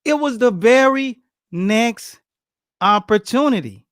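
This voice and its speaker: A high-voiced man trades boxing stories in a casual chat, bouncing between his own voice and the voices of the people he quotes. The sound is dry and close, with no room around him. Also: takes it slowly, smooth, no room sound. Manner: animated, slangy, acts out quotes with grunts and laughs. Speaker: boxing coach telling stories.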